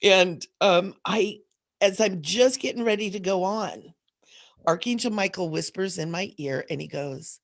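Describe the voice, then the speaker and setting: A middle-aged woman from Southern California hosts a casual spiritual livestream talk in a lowish, slightly slow voice. A little sleepy and groggy, she rambles with frequent fillers and laughs often as she goes.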